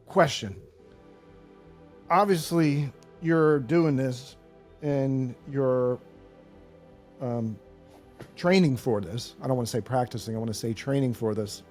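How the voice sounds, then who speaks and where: A man's voice: medium pitch, a little mellow. A man hosting a podcast, asking questions in a casual, plain-spoken way. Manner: casual, slightly rough-spoken, grateful. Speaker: podcast host.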